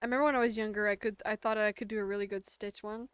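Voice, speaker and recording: A woman's voice: medium pitch, steady tone, rapid-fire, few pauses, clear, resonant tone, no room sound. A young adult woman streaming a game and chatting casually with a sore throat. She rambles, uses lots of "like" fillers, and laughs often. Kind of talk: casual chat while gaming.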